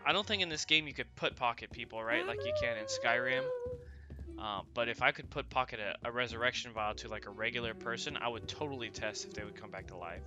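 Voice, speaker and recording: A man's voice: mid-range voice, very animated, fast talker, muffled recording. A young man hosting a gaming channel, chatting casually about his gameplay and often asking viewers "right?". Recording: voice-over with game music behind.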